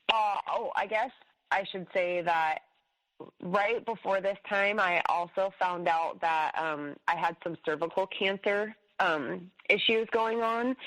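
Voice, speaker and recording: A woman speaking as a podcast guest, telling a personal story in a candid, rapid, emotional way, often saying "like" and swearing now and then. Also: lowish voice, fairly bright tone, poor audio.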